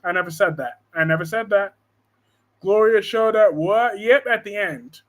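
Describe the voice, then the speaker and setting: A man's voice: high-pitched, normal speed. A man hosting a casual live stream from home, joking and reading viewer comments aloud. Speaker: live-stream host discussing soap operas.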